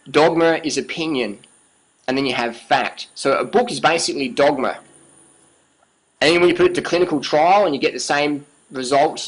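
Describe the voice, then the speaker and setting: A man's voice: mid-range voice, fairly bright tone, low-quality recording. A man giving an emphatic, passionate monologue as a vlogger, repeating himself, swearing freely and often asking "you know what I mean".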